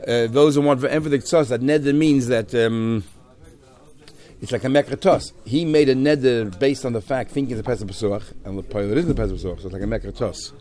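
A man giving a Talmud class at a quick clip. He reads out Aramaic and Hebrew phrases and explains each in English as he goes, in a voice of middling pitch. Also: dark tone. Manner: rapid explaining, quoting Aramaic and glossing in English. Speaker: Talmud teacher.

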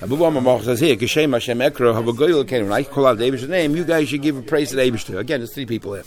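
Man, Talmud teacher, quick pace, animated, Hebrew terms. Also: medium pitch. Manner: animated explaining, loose restarts, Hebrew and Yiddish terms. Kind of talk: Talmud class lecture.

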